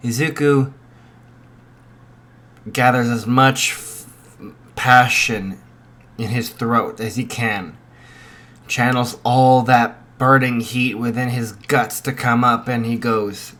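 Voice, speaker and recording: A young man improvising a fan story, halting with many restarts and fillers. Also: medium pitch, fairly even intonation, fairly bright tone.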